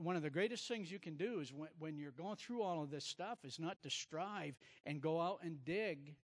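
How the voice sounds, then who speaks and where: A man preaching a sermon, telling personal stories with emphatic repetition. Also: fairly high pitch. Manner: animated storytelling, emphatic repetition.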